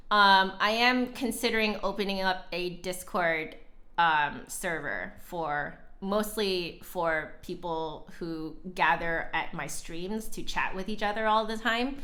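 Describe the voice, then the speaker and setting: This streamer, a young woman who plays the flute, has a fairly low, pushed and bright voice. Chatty and giggly, she reads messages from chat aloud and sounds a little winded.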